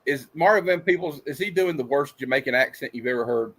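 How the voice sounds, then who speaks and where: A man's voice: medium pitch, fast talker, fairly bright tone, husky. A man co-hosting a casual bad-movie review show, sarcastic and given to long rambling analogies. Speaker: podcast co-host.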